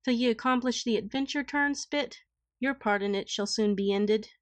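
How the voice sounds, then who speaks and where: A woman's voice: fairly high pitch, moderate pace, no room sound, lightly acted. A woman voicing a proud, mocking young noble damsel in a storybook reading, dry and close. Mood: scornful. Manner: haughty, mocking.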